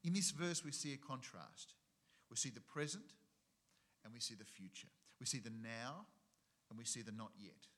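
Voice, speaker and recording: A man's voice: mid-range voice, moderate pace, a bit bright. A middle-aged man, preaching a sermon and driving his points home with rhetorical questions and repetition. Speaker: pastor.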